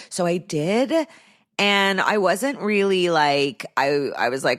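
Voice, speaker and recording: A woman's voice: lowish voice, lively intonation, unhurried. A woman hosting her own podcast, talking candidly and casually into a microphone, with lots of "like" fillers. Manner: chatty and candid, heavy use of "like". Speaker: podcast host. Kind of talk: casual solo podcast chat.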